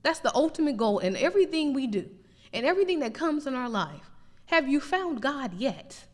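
A woman preaches a sermon. Her fairly high voice swings widely and climbs to emphatic peaks. The sound carries the long reverb of a large hall. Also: big pitch swings, normal speed.

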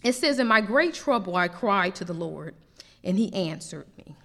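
A woman preacher delivering a lively, emphatic sermon. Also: mid-range voice, normal speed, big-room sound. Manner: animated preaching with rising emphatic peaks.

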